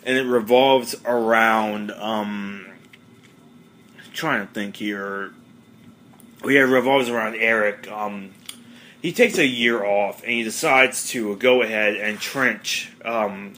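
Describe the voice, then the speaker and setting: A man's voice: fairly low pitch, slow, pushed and bright, a little hiss or hum. A man hosting a casual podcast monologue, rambling with many fillers. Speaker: podcast host.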